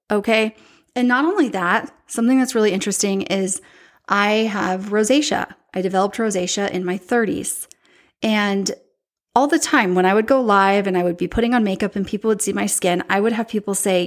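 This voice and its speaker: A woman's voice: mid-range voice, moderate pace. Woman in her forties hosting her own podcast; candid, chatty storyteller who acts out quotes. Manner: chatty and candid, breaks into animated quoted voices. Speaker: podcast host.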